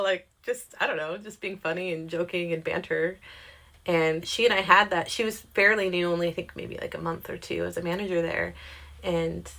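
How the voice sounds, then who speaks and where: A young woman telling a casual storytime monologue, chatty and animated, swearing freely and acting out what people said. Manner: chatty, animated, swears freely, quotes herself in pitched-up voices. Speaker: storyteller vlogger.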